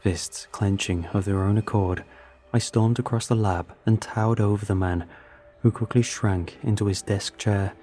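A man narrating a first-person sci-fi story in a measured, tense manner. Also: fairly low pitch, steady tone, warm tone.

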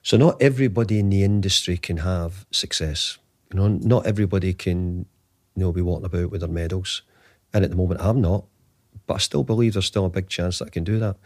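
A man in his fifties, a football manager being interviewed, who tells his story in a halting way, often repeating words and restarting. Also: sits low, no echo, studio quality. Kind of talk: conversational storytelling.

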